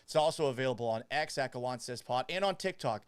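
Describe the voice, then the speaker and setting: A man's voice: mid-range voice, animated, fast, smooth, no room sound. A man in his thirties hosting a sports podcast, talking casually in a joking, self-mocking way. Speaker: podcast host. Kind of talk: casual sports talk monologue.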